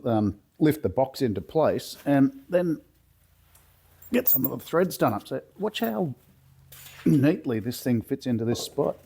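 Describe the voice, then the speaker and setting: A man with a cold and a hoarse voice, talking through a car chassis rebuild step by step in a relaxed, plain-spoken way from his home garage. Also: medium pitch. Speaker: workshop builder demonstrating a chassis rebuild. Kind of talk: casual step-by-step how-to explanation.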